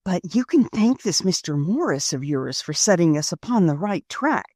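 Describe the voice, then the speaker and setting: A woman's voice: fairly low pitch, sing-song, moderate pace, a little mellow, no echo, studio quality. A woman doing a formal, genial store manager.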